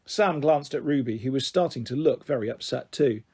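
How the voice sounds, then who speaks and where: A man narrating a children's novel aloud in an expressive read-aloud style. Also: mid-range voice, moderate pace, breathy edge. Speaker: audiobook reader. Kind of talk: storybook narration.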